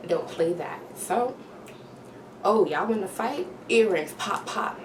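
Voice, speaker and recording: A woman's voice: medium pitch, animated, slow pace. Woman, storytime vlogger, slangy, sound effects, distant mic, noisy room. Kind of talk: storytime vlog. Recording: roomy, distant, noisy home recording.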